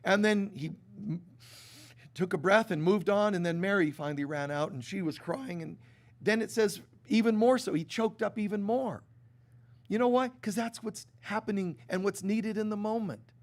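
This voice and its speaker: Addressing a live congregation from the stage, this spiritual teacher has a high voice and a moderate pace. He delivers his sermon casually and with animation, restarting often and performing quoted back-and-forths.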